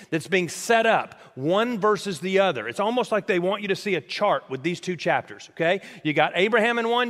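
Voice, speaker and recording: Male preacher from the US, lively and questioning, higher-pitched, echoing through a big church hall. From United States. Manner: animated, questions the congregation. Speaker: pastor. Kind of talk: sermon. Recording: long hall reverb.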